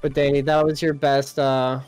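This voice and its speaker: A man's voice: mid-range voice, level tone, moderate pace, darkish tone, clean tone, faint music behind. A man chatting casually as a co-op streaming partner, teasing and friendly. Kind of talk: casual gameplay chat.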